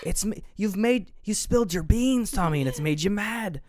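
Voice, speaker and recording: A man's voice: high-pitched, expressive, normal speed, darkish tone. A man co-hosting a podcast, casually retelling a film's plot, acting out lines and swearing freely. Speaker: podcast co-host. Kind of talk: casual film review chat.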